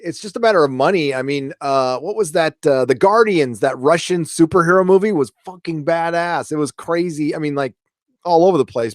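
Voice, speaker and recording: Streaming host, male, loose and chatty, swears offhand; somewhat high-pitched, dry home-studio mic. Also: no echo. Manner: rambling, chatty, swears casually. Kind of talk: casual live stream chat, reading viewer comments.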